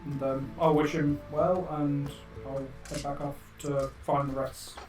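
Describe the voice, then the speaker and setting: A hesitant player in a tabletop game, a man with a somewhat high voice who keeps stopping to think. He sits back from the mic in an echoey room. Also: level tone, a little slow, a little mellow, distant mic, faint music behind. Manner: hesitant, many ums. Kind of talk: tabletop role-play.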